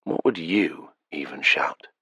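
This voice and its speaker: A man's voice: a bass voice, slow, bright, forceful tone, husky, no echo, exaggerated voice. A man voicing a blunt, wary young vampire hunter in an audiobook, speaking in a clipped, matter-of-fact way. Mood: wry. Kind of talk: audiobook character voice. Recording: dry close studio sound.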